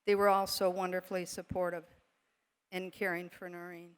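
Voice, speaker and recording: A woman's voice: fairly low pitch, flat delivery, moderate pace, clean tone. A woman presenting an award at a ceremony in a large hall, formal and heartfelt. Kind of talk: ceremony introduction.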